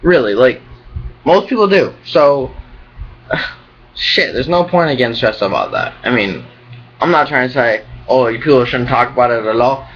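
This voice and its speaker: A man's voice: medium pitch, animated, moderate pace, fairly bright tone, dull audio, a little hiss or hum. A young man vlogging in a rambling, profane, ranting way. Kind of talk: casual rambling vlog.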